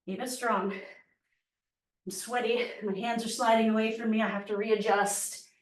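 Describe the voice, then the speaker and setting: A little high and fairly even in intonation, a woman's unhurried voice guides a fitness class. She's out of breath while calling out moves and counting down reps. The recording is echoey, with the mic placed far away.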